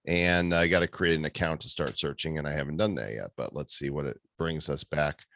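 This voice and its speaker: A man's voice: extremely low pitch, brisk, vocal fry, a bit bright. A man hosting a casual podcast, upbeat, reading listener reviews aloud. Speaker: podcast host.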